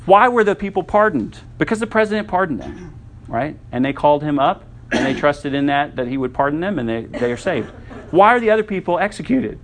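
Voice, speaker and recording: Conversational male preacher, slightly high voice. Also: a bit bright, slight background noise. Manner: conversational teaching, frequent "right?" asides. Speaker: pastor. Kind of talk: sermon.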